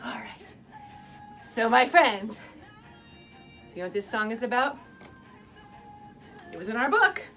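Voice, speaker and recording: A woman's voice: a little high, sing-song, measured pace, pauses often, bright, forceful tone, faint music behind. A woman teaching children a dance storytime from her basement, playful and encouraging, laughing often and making animal sounds. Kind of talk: guided movement storytime for kids. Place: home basement.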